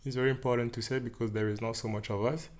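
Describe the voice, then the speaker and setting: A podcast guest from the Central African Republic talks rapid-fire in a medium-pitched voice with a steady, darkish tone. The dance organizer keeps the interview casual, chuckling frequently and phrasing things in a loose, rambling way.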